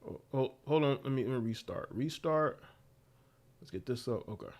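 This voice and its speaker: A livestream host with a medium-pitched voice rants at normal speed in casual commentary. He's animated and repetitive, returning to the same phrases and laughing along the way.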